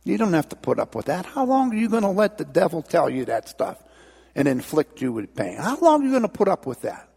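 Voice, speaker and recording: A man's voice: fairly high pitch, big pitch swings, a little fast, vocal fry, a little mellow, husky, heavily acted. A man voicing God, firm and challenging. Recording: long reverb in a large hall.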